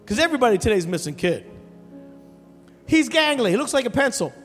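A man preaching a sermon as pastor, telling a story with animated, emphatic delivery and calling out to the congregation. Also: extremely high pitch, fairly quick. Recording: long hall reverb with soft music behind.

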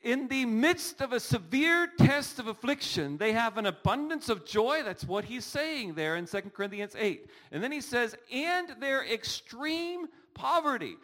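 Earnest high-voiced preacher man. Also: big pitch swings, a little slow, hardly any pauses, a bit bright. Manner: earnest, rhetorical questions, rises in emphasis. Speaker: pastor. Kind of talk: sermon.

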